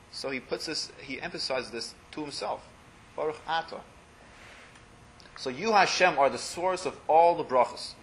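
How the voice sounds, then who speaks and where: A man's voice: mid-range voice, a little hiss or hum. A man teaching a religious class to a small group, translating blessings phrase by phrase and often letting his voice drop to a murmur. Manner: explanatory, translating Hebrew phrases line by line, often trails off quietly.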